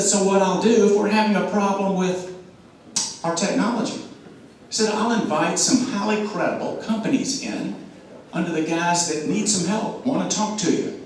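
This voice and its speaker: A man giving an animated sales talk to an audience, throwing questions at the room and acting out quotes. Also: high voice, a little hiss or hum. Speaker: speaker at a club meeting. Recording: echoey room, mic from a distance.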